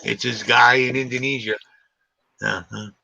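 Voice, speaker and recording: A man in his forties hosting a live stream, chatting in a rambling, animated way and swearing casually. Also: medium pitch, a little slow, gravelly, no room sound. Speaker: livestream host. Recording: dull lo-fi stream audio.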